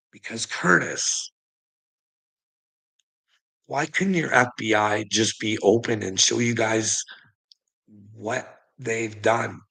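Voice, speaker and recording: A livestream host rants at his chat, combative and profane, needling viewers by name. His mid-range voice is creaky with a sharp edge, and the audio quality is poor.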